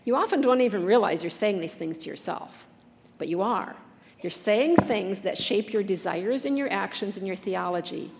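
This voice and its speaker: A woman's voice: mid-range voice, expressive, moderate pace, creaky, in a large hall. A woman giving an earnest, conversational devotional talk, reading scripture passages with feeling.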